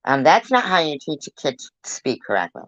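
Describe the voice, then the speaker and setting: A woman's voice: deep voice, big pitch swings, brisk, a bit bright, no room sound, muffled recording. A woman giving angry reaction commentary on a clip, scolding and cursing with blunt insults.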